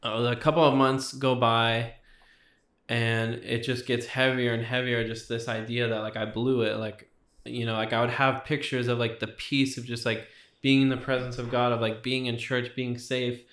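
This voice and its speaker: A man's voice: mid-range voice, level tone, moderate pace, a bit bright, reverberant. A young man sharing his personal testimony as a guest, talking casually with lots of fillers. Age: young adult. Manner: casual, filler-heavy storytelling with many likes.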